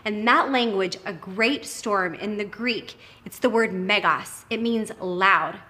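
A woman from Texas, preaching a sermon with enthusiasm and emphasis, sometimes dropping to a hushed tone. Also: medium pitch, slow. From Texas, United States. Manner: enthusiastic, emphatic, drops to soft hushed tones.

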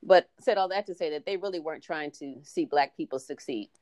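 A woman's voice: sits low, fairly quick, a little mellow, no room sound, studio quality. A middle-aged woman, a podcast guest, telling stories in a casual chat and acting out the lines of people she quotes. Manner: storytelling, acts out quoted dialogue.

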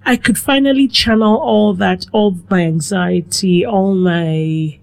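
A woman's voice: mid-range voice, slow, vocal fry. Middle-aged Nigerian-born woman telling her story. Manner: reflective, animated with quoted asides. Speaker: guest, food blogger. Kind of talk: conversational storytelling.

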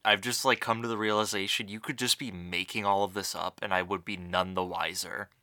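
A man co-hosting a podcast in casual comedic chat, excitable and profane, with big exclamations. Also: lowish voice, brisk. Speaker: podcast co-host.

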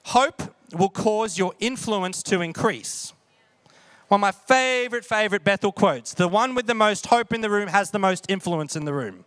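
A man's voice: high-pitched, normal speed, a bit bright, no echo. A man preaching a sermon in a conversational way, often checking in with the audience. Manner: conversational, asks the audience questions. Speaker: pastor.

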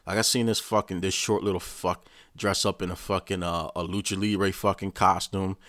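A deep-voiced man tells a story in a loose, rambling rant, with swearing in almost every line. The sound is dry and close, with no room around it. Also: moderate pace, no room sound. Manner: profane, rambling, animated storytelling. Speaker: vlogger. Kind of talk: casual rant recapping a show.

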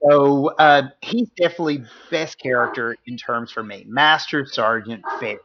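A man's voice: mid-range voice, normal speed, a bit bright, slight background noise. A man co-hosting a casual movie review chat, chatty and laughing often, sometimes losing his words. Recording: dull lo-fi recording.

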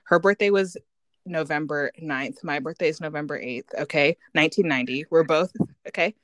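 A woman's voice: sits low, normal speed, no room sound. A woman in her thirties who grew up in Canada, chatting casually as a podcast co-host and telling stories animatedly. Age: 30s. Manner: animated storytelling, acts out quoted voices, laughs often. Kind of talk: casual chat.

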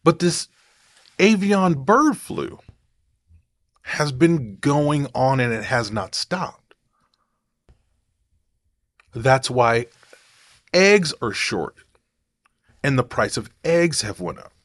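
A man's voice: mid-range voice, sing-song, very slow, long pauses, fairly bright tone, no echo. A man talking casually to camera in a rambling, digressive way, thinking aloud as he goes. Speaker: vlogger.

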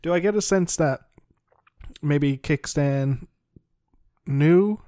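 A man's voice: on the high side, takes it slowly, dark tone, no echo, clean studio sound. A man with a Newfoundland accent playing a tabletop game, hesitant and thinking aloud. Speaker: player. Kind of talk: casual tabletop game play.

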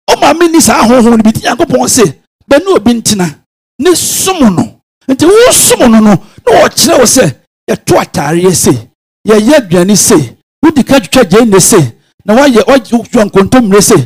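A man with a Ghanaian accent preaching a sermon, swinging from quiet musing to sudden shouted bursts. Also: very high-pitched, creaky, husky. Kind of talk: sermon mixing Twi and English.

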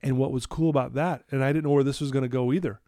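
Animated middle-aged man telling a story. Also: mid-range voice, racing, no echo, studio quality. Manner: animated, acts out his own quoted lines. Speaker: podcast guest. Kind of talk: storytelling in a conversational interview.

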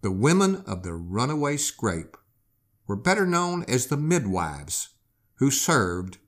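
Male host, slow dramatic history storyteller. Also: mid-range voice, sing-song. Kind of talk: storytelling narration.

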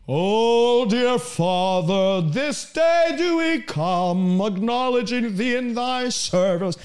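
A man delivers a broadcast sermon in a very high voice. He presses his points emphatically, swinging from raised pleading lines to low, quieter asides. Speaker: preacher.

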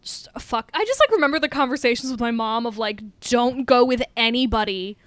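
A woman's voice: on the high side, expressive, a little fast, a bit bright, clean tone, no echo. A young woman co-hosting a podcast, chatting casually about a movie, swearing freely and acting out quotes. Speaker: podcast co-host.

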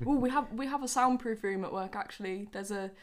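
A woman who works at a hospital, chatting casually, giggly and halting with frequent restarts. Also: medium pitch. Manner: giggly, halting, self-correcting. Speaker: guest, hospital worker. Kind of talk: casual chat.

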